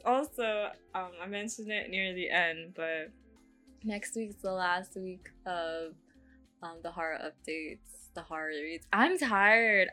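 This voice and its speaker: A woman's voice: medium pitch, sharp tone. A young woman hosting a podcast, chatting casually in a rambling way with lots of fillers and laughing at herself. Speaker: podcast host. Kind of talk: casual chat.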